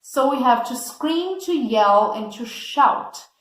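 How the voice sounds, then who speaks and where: A woman teaching English vocabulary, speaking very slowly and deliberately. Her voice sits a little high. She checks in with the class again and again, and the recording carries a noticeable room echo. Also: lively intonation. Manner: slow and patient, checks understanding with a frequent "okay?". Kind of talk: explaining vocabulary in an English lesson.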